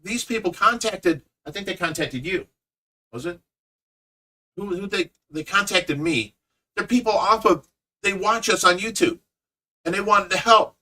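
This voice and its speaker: A man's voice: high voice, measured pace, pauses often, sharp tone. A middle-aged man with an Ohio accent, chatting casually on a livestream and telling a long story, acting out what others said. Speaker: fish rescue owner and caregiver. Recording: voice picked up from a distance.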